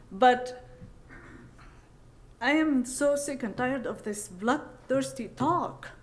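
Audience woman, higher voice, impassioned and halting, keeps apologizing mid-question. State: upset, emotional. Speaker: audience member asking a question. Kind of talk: emotional public question at a panel. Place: conference hall.

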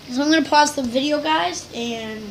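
Name: High-pitched rambling game commentator. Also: female voice, moderate pace, a little hiss or hum, low-quality recording. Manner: rambling, giggly, self-mocking, addresses viewers. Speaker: gaming video host. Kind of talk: casual let's-play commentary. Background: game music.

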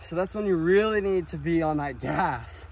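A man's voice: on the high side, animated, normal speed, slight background noise. A man coaching riders at an outdoor sandy dirt-bike track, direct and encouraging, sometimes imitating throttle sounds. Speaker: motocross coach.

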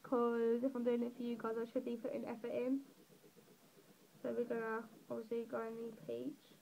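A woman's voice: a little high, little pitch movement, moderate pace, gravelly, mellow, a little hiss or hum, low-quality recording. A teenage girl with a southeast English accent, rambling through a colouring tutorial with self-deprecating, giggly asides. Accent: English, southeast England. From England. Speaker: drawing tutorial creator. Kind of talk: casual voice-over while colouring.

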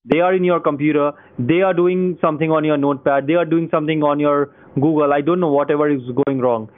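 A man's voice: on the high side, fairly even intonation, quick pace. Pushy man on a phone line. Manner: insistent, repeats questions over and over. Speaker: phone scammer posing as tech support. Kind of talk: pushy scam phone call. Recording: tinny phone line with faint music.

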